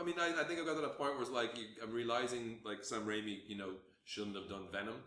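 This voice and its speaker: Fast-talking sweary man. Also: medium pitch. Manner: rambling, sweary, animated storytelling. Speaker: podcast co-host. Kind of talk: casual chat. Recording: roomy with faint ambient noise.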